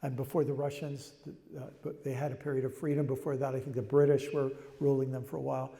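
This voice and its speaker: In a recording with long hall reverb, an older man gives a thoughtful, conversational public talk, frequently starting his phrases over. His medium-pitched voice is level, fast, creaky, and mellow.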